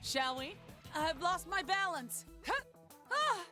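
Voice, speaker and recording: An upbeat young woman soldier from a video game, her voice very high and lively, swooping up and down. She speaks in slow, bright little battle quips. Soft game music runs underneath. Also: exaggerated voice. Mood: perky. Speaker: selectable player character voice.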